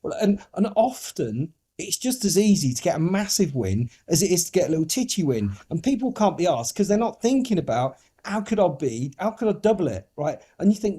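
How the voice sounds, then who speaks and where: A man's voice: on the high side, fairly quick, husky. A man from the United Kingdom, a podcast guest, telling stories animatedly, acting out other voices and swearing casually. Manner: animated storytelling, acts out voices. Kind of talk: podcast interview.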